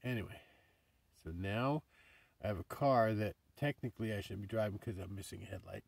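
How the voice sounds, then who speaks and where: A man's voice: lowish voice, fairly quick, creaky, dry recording. A man venting in a rambling casual vlog about his car insurance, swearing and laughing at himself, recorded in his car a little away from the mic. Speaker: vlogger.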